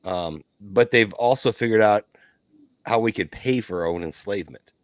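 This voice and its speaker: A man with a lowish voice co-hosts a casual chat, recorded dry and close. He speaks earnestly, leaning on repeated words for emphasis. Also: normal speed, dry recording. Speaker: co-host. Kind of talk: casual chat, political venting.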